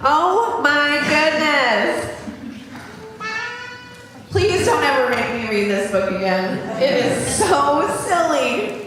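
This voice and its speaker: A woman's voice: high voice, unhurried, crowd noise. Playful woman reading to children, echoey hall. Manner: animated, silly voices and sing-song. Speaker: leader of the children's story at a church service. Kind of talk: playful read-aloud to children. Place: large church sanctuary. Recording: echoey hall from far off, noisy.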